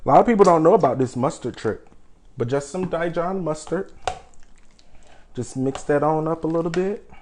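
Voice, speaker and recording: A man's voice: a little high, moderate pace, pauses often, darkish tone, slight background noise. A young man hosting a live cooking show, chatty and playfully boastful, calling his viewers "people" as he talks them through the steps. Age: young adult. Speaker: home cook host.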